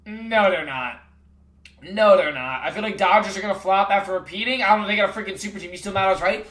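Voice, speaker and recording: A man's voice: high-pitched, fast talker, fairly bright tone, echoey room. A man livestreaming, trash-talking sports picks in casual chat with his viewers and calling everyone bro.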